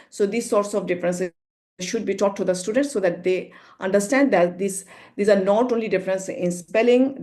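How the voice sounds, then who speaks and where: A woman's voice: medium pitch, a little mellow. Woman giving an academic talk. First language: Bengali. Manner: explanatory, peppered with "like", demonstrating sounds aloud. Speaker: conference presenter. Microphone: video call.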